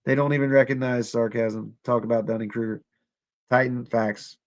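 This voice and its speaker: A man's voice: mid-range voice, steady tone, moderate pace, muffled recording. A young man hosting a casual livestream, sarcastic and profane, talking straight to his chat. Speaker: livestream host.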